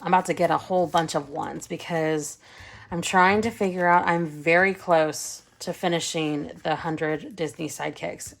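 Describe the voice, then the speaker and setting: A woman in her thirties chatting casually and giggling while she counts cash for budget savings, her voice trailing off into soft counting. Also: lowish voice, vocal fry. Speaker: budgeting vlogger.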